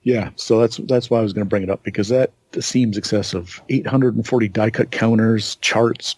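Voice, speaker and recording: A man hosting a podcast in casual chat, joking dryly and pausing on fillers. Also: on the low side, fairly even intonation, a little mellow, dry recording. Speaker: podcast host.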